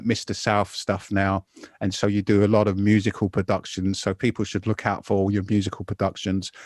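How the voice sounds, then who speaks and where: A man in his fifties hosting a podcast, chatting casually and telling an animated, rambling story, calling everyone "mate". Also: on the low side, no echo, studio quality. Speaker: podcast host.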